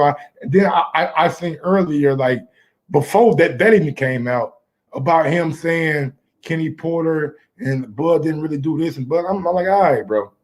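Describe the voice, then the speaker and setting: A man with a slightly high voice talks sports casually. He is laid-back and halting, and often restarts his sentences. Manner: laid-back, halting, repeats words as he starts.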